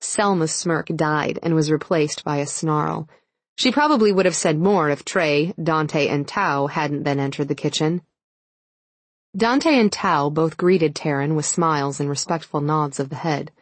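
A woman narrating an audiobook in an even, measured storytelling manner. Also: low voice, no echo. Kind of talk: scripted narration.

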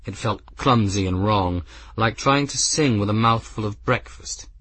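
A man narrating a novel as an audiobook, expressive and shifting into a voice for each character. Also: on the low side, unhurried, slightly rough, dry recording.

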